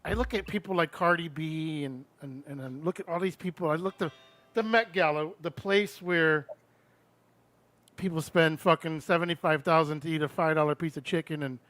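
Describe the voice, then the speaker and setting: A radio show host with a high voice, recorded close and dry. He chats casually and bluntly, cursing freely and pushing his opinions. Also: normal speed, a bit bright, no room sound. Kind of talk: casual chat on a radio live stream.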